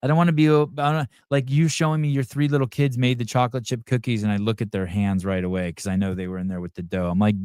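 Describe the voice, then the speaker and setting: A man's voice: medium pitch, little pitch movement, fast talker, few pauses, darkish tone, clean tone, no room sound, clean studio sound. A middle-aged man hosting a podcast, rambling crudely and profanely while reading out chat comments. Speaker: podcast host. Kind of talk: crude off-the-cuff livestream chat.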